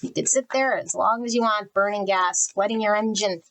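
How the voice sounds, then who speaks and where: A woman's voice: mid-range voice, moderate pace, fairly bright tone, rough recording. A woman giving a general pick-a-card tarot reading, talking bluntly in spiritual terms and naming cards as she draws them. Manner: blunt, spiritual, channels energy. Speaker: tarot reader.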